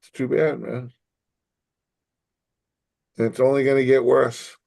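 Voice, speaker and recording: A middle-aged man tells stories in a loose, profane chat. He acts out the other people in them with lively voices. His voice is dry and close to the mic, with no room sound. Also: mid-range voice, a little slow, vocal fry, no room sound. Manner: profane, animated storyteller acting out quotes. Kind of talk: casual chat.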